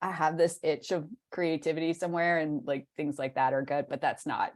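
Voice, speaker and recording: A woman's voice: deep voice, level tone, fairly quick. A woman co-hosting a podcast in casual chat, rambling with many fillers and restarts. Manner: rambling, filler-heavy, self-interrupting. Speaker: podcast co-host.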